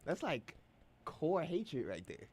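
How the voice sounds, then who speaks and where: A man's voice: on the high side, wildly swooping pitch, takes it slowly, husky. A man co-hosting a radio sports show, joking and teasing his co-host in a laid-back way. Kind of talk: casual sports talk.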